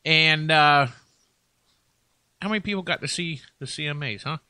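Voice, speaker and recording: A man's voice: fairly high pitch, normal speed, very noisy. A man hosting a casual radio chat show, rambling and joking with plenty of fillers.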